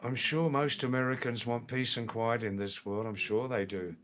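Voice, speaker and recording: A man born in England hosting a live stream, answering viewer comments in a slow, halting way that repeats phrases. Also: mid-range voice, steady tone, fairly bright tone, slight background noise. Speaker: livestream host.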